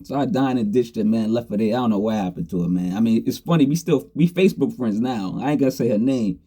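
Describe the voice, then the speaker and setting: A man's voice: mid-range voice, quick pace, warm tone, slightly rough. A middle-aged man casually telling a story from his younger days, laid-back and slangy, laughing often. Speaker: storyteller host.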